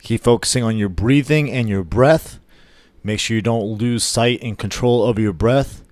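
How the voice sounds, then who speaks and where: A man giving workout instructions in a voice-over, steady and encouraging. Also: medium pitch, moderate pace, slight background noise. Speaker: fitness coach.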